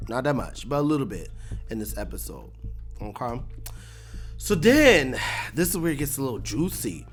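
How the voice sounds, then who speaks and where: A host giving a casual, animated breakdown of a TV episode, laughing often and acting out lines. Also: medium pitch, normal speed, soft background music. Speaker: show recap host.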